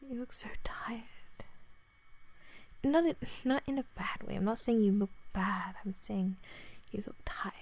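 A woman in her twenties with an Australian accent, in a whispered role-play, talking softly to the listener, rambling and apologizing. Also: mid-range voice, unhurried. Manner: soft-spoken, rambling, apologetic.

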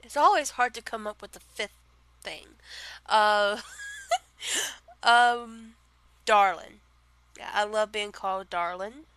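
Giggly Southern woman, slow and bright. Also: medium pitch. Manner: giggly, rambling, many fillers. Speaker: vlogger answering question tag. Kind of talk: casual chat.

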